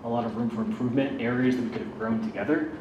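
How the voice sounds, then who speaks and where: A man's voice: mid-range voice, steady tone, racing, dull audio. A man candidly telling a self-deprecating personal story about his recovery, in a casual, conversational way. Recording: roomy, distant mic, background noise.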